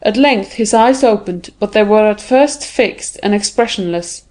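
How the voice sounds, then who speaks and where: Mellow-voiced woman reading a classic novel. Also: mid-range voice, unhurried. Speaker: audiobook narrator. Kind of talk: scripted narration.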